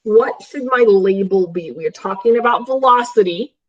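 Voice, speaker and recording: A woman's voice: medium pitch, normal speed. A woman math teacher giving a live online class from home, upbeat and checking in with her students often. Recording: dull lo-fi stream audio.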